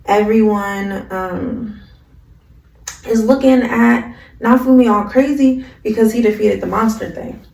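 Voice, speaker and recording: Woman, anime recapper, chatty and slangy, gravelly voice, roomy distant mic. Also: mid-range voice, warm tone. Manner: slangy, rambling, full of "like" fillers.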